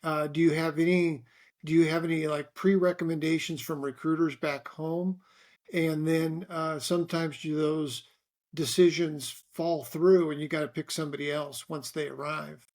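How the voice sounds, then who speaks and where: A man's voice: fairly high pitch, level tone, moderate pace, darkish tone. A middle-aged man hosting an interview, asking long questions with many restarts and fillers. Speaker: host and interviewer.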